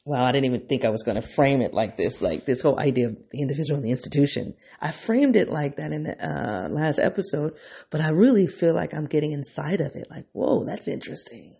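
On his own podcast, a host thinks aloud in an unscripted, reflective monologue, excitable and prone to restarting and doubling back on himself. His voice is a bit high for a man but mellow and dark, with a husky, gravelly grain, and his delivery is brisk.

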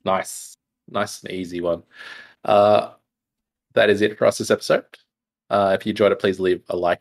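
Deep-voiced laid-back man hosting a podcast. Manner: laid-back, laughs often, filler-heavy. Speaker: podcast host. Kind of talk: casual podcast chat.

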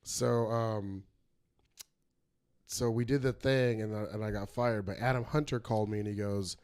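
A man's voice: lowish voice, moderate pace, smooth. A man hosting a casual chat, telling a story with swearing and acted quotes. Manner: animated storyteller, swears freely. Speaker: podcast host, comedian.

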